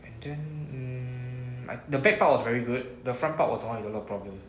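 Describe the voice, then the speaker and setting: A man's voice: mid-range voice, fairly quick, a bit bright. Singaporean man teaching in an echoey classroom. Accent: Singaporean English. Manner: patient, explaining step by step with models to repeat. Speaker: Japanese teacher. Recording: echoey room with faint noise.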